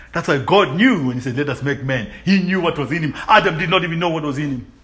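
Exuberant male preacher, highish bright voice, call-and-response style. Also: quick pace. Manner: call-and-response questions, laughing, exuberant shouts. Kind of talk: sermon.

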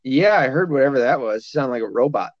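A man's voice: medium pitch, animated, a little fast, no room sound, muffled recording. A man in his thirties hosting a podcast in a casual chat, swearing freely and laughing often. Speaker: podcast host.

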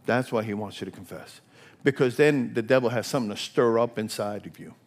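An older man delivers a sermon with passion and lots of repetition, moving between soft whispers and loud, climbing exclamations. His voice sits at a medium pitch and he speaks a little fast.

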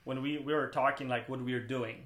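A man talks casually as a podcast guest, circling his points with restarts and fillers. His voice sits at an ordinary middle pitch. The room around him rings with audible echo. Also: fairly even intonation, quick pace, a bit bright. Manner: rambling, frequent restarts and "like". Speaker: podcast guest, brand co-founder. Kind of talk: casual interview chat.

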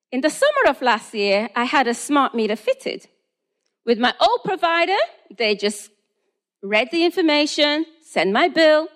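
A high-voiced woman from England preaches with a lively, swooping delivery. She tells a personal story and acts out both sides of phone conversations.

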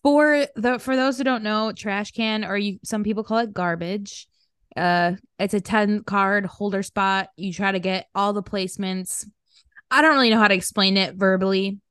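A young woman trades casual banter as a podcast co-host. Her voice sits at a middle pitch, chatty and quick to laugh, with slangy phrasing. It is recorded close and dry with no room sound. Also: steady tone, fairly bright tone, smooth, no room sound. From upstate New York. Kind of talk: casual chat.

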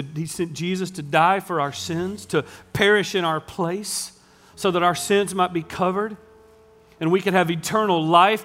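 A high-voiced male pastor preaches a sermon, dropping to hushed lines before building up loud as he tells a story.

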